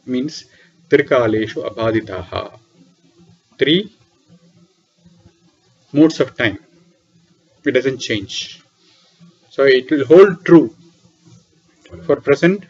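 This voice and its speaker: A man of middle pitch teaches a class on scripture, posing questions and then answering them himself. He repeats key words for emphasis. The recording sounds muffled and lo-fi. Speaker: lecturer on Vedic philosophy. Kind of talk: classroom lecture explaining scripture. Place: small room beside a temple library. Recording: dull, lo-fi lecture recording.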